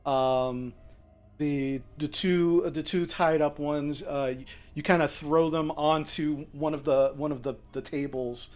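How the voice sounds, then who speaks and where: A man narrating a tabletop game as game master, halting, with many fillers and restarts. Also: fairly high pitch.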